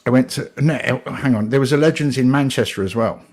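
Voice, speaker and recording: A man's voice: medium pitch, brisk, a little mellow. Rambling, joking man in his fifties. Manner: rambling, joking, trails off and restarts. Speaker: guest on a livestream call. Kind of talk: casual chat.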